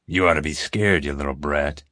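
A man voicing a menacing villain in a panda costume who growls deep and ominous. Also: normal speed, pushed and bright, no echo, clean studio sound. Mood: threatening.

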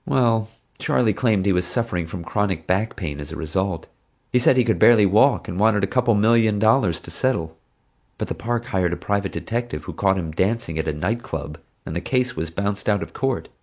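A man reading an audiobook voices a frank, outspoken woman zookeeper in a raised, lively voice. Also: on the low side, fairly quick. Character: woman zookeeper, frank, chatty young adult. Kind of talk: audiobook character voice.

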